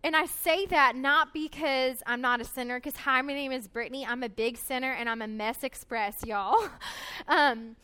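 A young woman shares her personal testimony from a conference stage. Her voice sits high and bright, and she speaks earnestly and emotionally, often pausing with "um" as she gathers herself. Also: smooth. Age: 20s. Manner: earnest, emotional, frequent "um" fillers.

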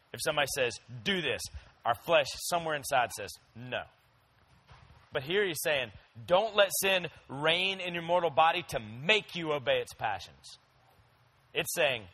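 A man's voice: a little high, bright, forceful tone, poor audio. A young man preaching a sermon in a conversational, storytelling way, talking straight to his listeners. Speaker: pastor.

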